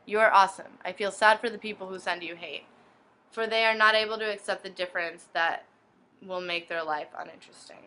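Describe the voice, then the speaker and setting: A woman's voice: mid-range voice, steady tone, fairly quick, sharp tone, clear, resonant tone. A young woman blogger reading inbox messages aloud one after another, in a plain reading manner. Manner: reads each message in turn, plainly.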